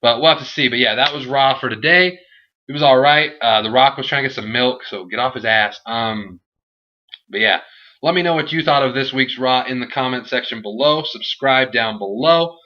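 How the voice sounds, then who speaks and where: A young man reviewing a wrestling show in a casual, animated, rambling and jokey way. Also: medium pitch, moderate pace. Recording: dull lo-fi home recording.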